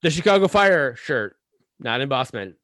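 A man's voice: mid-range voice, very animated, moderate pace, a bit bright, no echo, studio quality. A man co-hosting a podcast, rambling and cursing with many restarts as he rants. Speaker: podcast co-host. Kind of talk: casual podcast chat.

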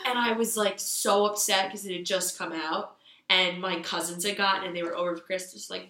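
A woman's voice: mid-range voice, fast talker, bright, forceful tone, roomy sound. A young woman in her twenties co-hosting a casual chat, telling rambling stories with lots of fillers. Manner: rambling storyteller, many fillers. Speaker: podcast co-host.

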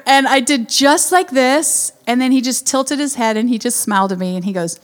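A woman's voice: sits high, normal speed. A woman in her thirties telling a family story in a sermon, laughing often and acting out her son's lines. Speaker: speaker giving a devotional talk.

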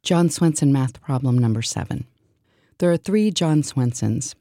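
Very low slow woman reading absurd lists deadpan, dry sound. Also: dry recording. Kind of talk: surreal spoken word list.

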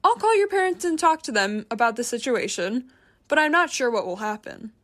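Woman reading calm detached male psychiatrist, even noncommittal questions, audiobook. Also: very high voice, brisk, full character voice. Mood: matter-of-fact.

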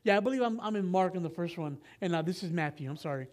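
A man's voice: high-pitched, expressive, quick pace, darkish tone. A man giving a sermon as pastor, reading scripture in a casual, conversational way with frequent asides and self-corrections.

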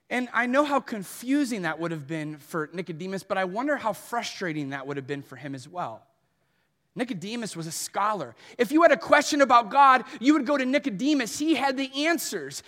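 A man's voice: very high-pitched, pushed and bright. A man preaching a sermon as pastor, earnest and at times emphatic. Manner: earnest, rising to emphatic questions. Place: church hall. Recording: long hall reverb.

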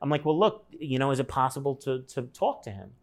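A man's voice: mid-range voice, big pitch swings, a little fast. A man telling a personal story in casual conversation, acting out the people he quotes and swearing now and then.

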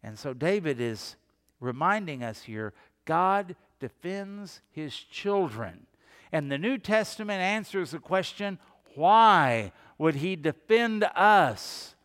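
A man's voice: fairly high pitch, big-room sound. A middle-aged man preaching a sermon as a pastor, emphatic, asking his congregation questions and answering them himself.

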